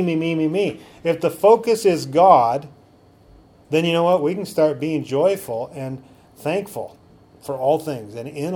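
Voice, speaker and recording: A man's voice: mid-range voice, dark tone. A man preaching a sermon as a pastor, often asking the congregation rhetorical questions.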